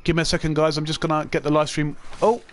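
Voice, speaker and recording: A man hosting a gaming channel, giving chatty, excitable commentary while he plays and talking to his viewers. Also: fairly high pitch, racing, slight background noise. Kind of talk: casual gameplay commentary.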